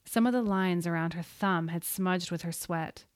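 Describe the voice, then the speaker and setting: A woman reading a story aloud in a steady, suspenseful voice. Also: lowish voice, moderate pace, no echo, studio quality. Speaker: audiobook narrator. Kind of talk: scripted narration.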